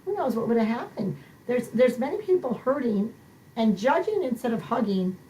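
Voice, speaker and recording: A middle-aged woman hosting a Christian ministry podcast, talking emotionally in a preacher-like way that swings high for emphasis. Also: very animated, moderate pace, dark tone, a little hiss or hum, poor audio. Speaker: podcast host.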